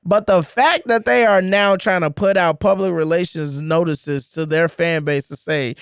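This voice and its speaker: A man co-hosting a sports podcast, talking in an animated, emphatic way and repeating words for effect. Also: high voice, normal speed, few pauses, smooth, no echo, clean studio sound. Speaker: podcast co-host. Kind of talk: casual sports chat.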